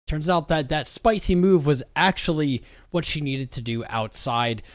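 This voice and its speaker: A man's voice: a little high, expressive, measured pace, dry recording, clean studio sound. A young man hosting a crypto livestream in loose, slangy commentary full of hype, sounding tired after being up for hours. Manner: hype-driven, slangy, rambling. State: tired from a long day.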